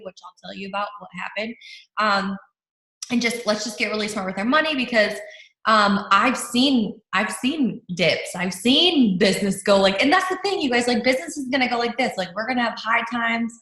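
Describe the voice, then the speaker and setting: Telling a story on a video call, this young woman, a team leader, gives a casual talk about leadership, lively and riddled with fillers and false starts. Her pitch is on the high side, and the recording carries a roomy echo.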